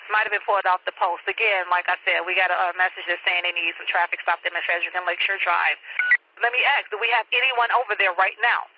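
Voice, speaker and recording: Woman police dispatcher who repeats every order firmly, heard over muffled radio with clear static. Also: on the low side, fairly even intonation, fast.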